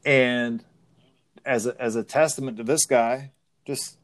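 Frank middle-aged martial arts instructor. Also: male voice, medium pitch, fairly even intonation, unhurried, pauses often. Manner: frank, plain-spoken. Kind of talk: casual podcast chat.

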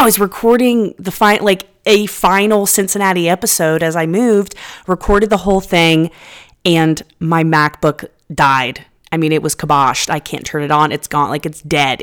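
A woman in her thirties talks into a podcast microphone in her apartment. Her voice sits low. She chats loosely and rambles, with self-deprecating jokes and casual swearing. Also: fairly bright tone, clean tone. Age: 30s. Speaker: podcast host. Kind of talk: casual solo podcast chat. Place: apartment room.

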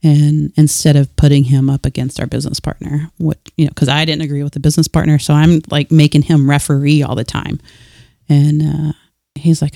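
This thirties-aged podcast guest has a gravelly, low-pitched voice and talks fairly quickly about faith in a relaxed way. Her stories are lively, she performs other people's dialogue, and she restarts and uses fillers. No room sound; clean studio audio.

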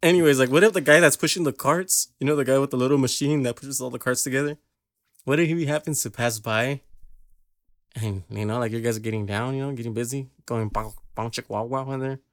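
A man's voice: medium pitch, quick pace, dry recording, clean studio sound. A young man hosting a podcast, talking crude casual banter that rambles, laughing often and losing his thread. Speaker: podcast host.

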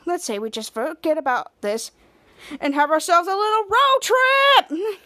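A cocky male superhero leader, smug and coaxing, pitching his plans as if they were a favour, as a woman puts him on. The voice sits high and is dry, with no room behind it. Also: expressive, moderate pace, fairly bright tone, dry recording. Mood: scheming.

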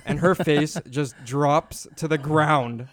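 A man's voice: a little high, slow. A man co-hosting a sports betting podcast, rambling through movie memories and casually swearing. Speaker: podcast co-host.

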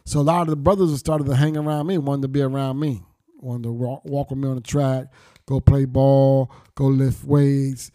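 A man's voice: medium pitch, flat delivery, moderate pace, mellow, no echo, studio quality. Blunt, profane middle-aged man. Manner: blunt, profane street slang, reflective. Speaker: storyteller recounting his past. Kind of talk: candid personal storytelling.

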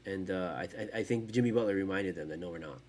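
A man hosting a sports podcast, ranting in casual, profane, animated talk. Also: sits low, fast talker, a little hiss or hum. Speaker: podcast host.

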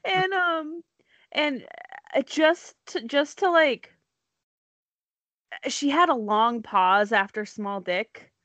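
A woman's voice: high-pitched, slow, long pauses, a bit bright, no echo. A woman telling a story in casual chat, rambling with many likes and ums, laughing often.

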